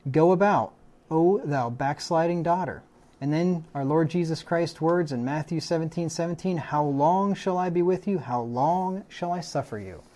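A man's voice: fairly high pitch, darkish tone. A man preaching a sermon as pastor, reading a string of verses aloud and adding plain asides.

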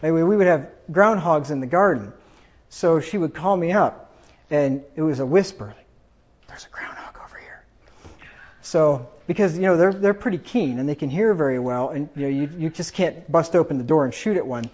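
His voice sits on the high side with a darkish tone, and he talks a little quickly. Chuckling along the way, the man tells rambling family anecdotes in a casual, personal manner, heard through a dull lo-fi recording.

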